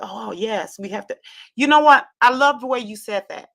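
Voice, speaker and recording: A woman's voice: a little high, moderate pace, vocal fry, a bit bright. A woman hosting a casual livestream, reading viewer comments aloud and affirming them, often repeating phrases and drawing out her reading.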